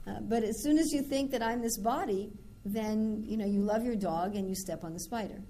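A woman's voice: medium pitch, moderate pace, few pauses, warm tone. A woman giving an informal scripture class, talking conversationally and acting out everyday dialogues. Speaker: spiritual teacher.

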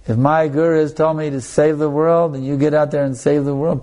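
A man's voice: fairly high pitch, little pitch movement, fairly quick, warm tone. A male spiritual teacher giving a sermon and telling a story, talking conversationally with frequent restarts and asides to his listeners. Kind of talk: anecdotal sermon.

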